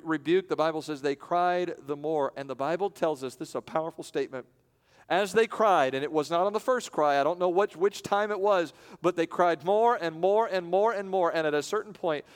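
A man preaching a sermon, his voice smooth and resonant and pitched a little high. He builds slowly with long pauses and sometimes acts out the voices in the stories he tells. His words ring out in a long church reverb. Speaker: pastor. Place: church sanctuary.

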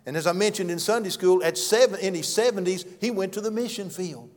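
A man preaching a sermon and telling stories, earnest, swinging from loud to hushed. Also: sits high, a little fast. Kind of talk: sermon with storytelling. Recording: long hall reverb.

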